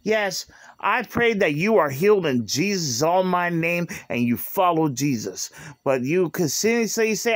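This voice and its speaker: Slow, high-voiced man ranting. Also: very animated, no room sound, studio quality. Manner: aggrieved, repetitive, confrontational. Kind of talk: angry rant to camera. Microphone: phone.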